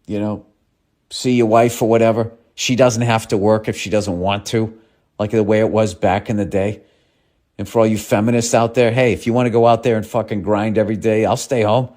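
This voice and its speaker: A man's voice: on the low side, a little mellow. Male podcast host, casual monologue, profane and sarcastic rants.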